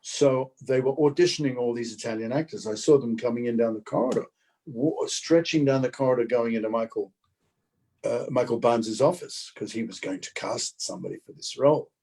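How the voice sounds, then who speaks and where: A man in his seventies with an Australian accent, a guest actor telling anecdotes in a lively way. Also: mid-range voice, brisk. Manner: lively, acts out other people's lines in quotes. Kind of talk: anecdotal storytelling.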